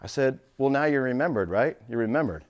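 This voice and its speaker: In a casual motivational talk, a middle-aged real estate coach tells stories, curses, and calls people "dude," shifting between quiet confiding and loud excitement. He speaks a little fast, and the recording's highs are cut off.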